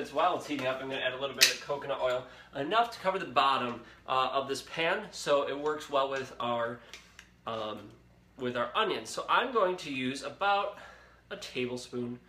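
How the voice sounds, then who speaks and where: A young man hosts a casual live cooking demonstration from his home kitchen, chatty and upbeat as he talks straight to viewers. His medium-pitched voice sounds pushed and bright. The kitchen is echoey with faint sizzling, and there's a little hiss or hum.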